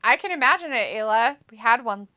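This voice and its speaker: A woman's voice: fairly high pitch, lively intonation, fairly quick, pushed and bright. A woman co-hosting a live stream in casual chat, with a nasal, cackly voice, teasing and swearing freely as she reads out viewer comments. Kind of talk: casual watch-along chat.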